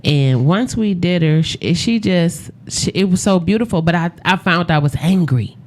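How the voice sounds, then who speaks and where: A woman in casual radio talk, telling stories in a lively way, acting out quotes and laughing often. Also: fairly low pitch, moderate pace. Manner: animated storyteller, acts out quotes, laughs often. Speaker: makeup artist for funerals.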